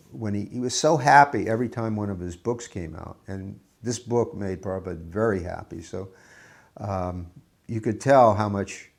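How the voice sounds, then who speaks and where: A man recalling old memories in an interview, talking in a reflective, earnest way with halting restarts. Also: sits low, vocal fry, darkish tone. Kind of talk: reminiscing interview.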